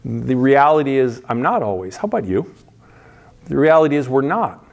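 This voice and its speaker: A man's voice: medium pitch, animated, moderate pace, vocal fry. A man preaching a conversational sermon, casual and emphatic, often restarting his phrases.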